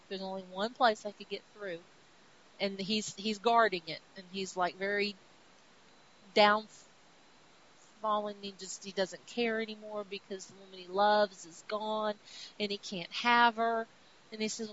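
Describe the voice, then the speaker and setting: A woman's voice: mid-range voice, fairly even intonation, normal speed, fairly bright tone. A woman hosting a podcast who recaps comic books in a chatty storytelling way and acts out the characters as she goes. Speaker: podcast host. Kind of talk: casual comic book recap. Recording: dull sound with faint hiss.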